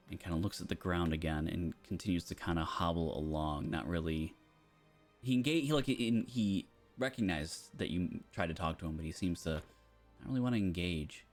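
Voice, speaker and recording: A man's voice: deep voice, moderate pace. A man narrating as game master of a tabletop game, casual and hesitant, with many fillers, over background music.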